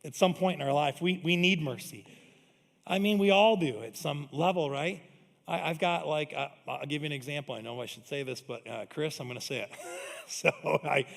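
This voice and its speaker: A man's voice: fairly high pitch, moderate pace, gravelly. Pastor guy preaching, laughs at himself a lot, long echo off a big church hall. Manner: storytelling, self-deprecating, laughs often. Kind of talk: sermon. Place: church auditorium.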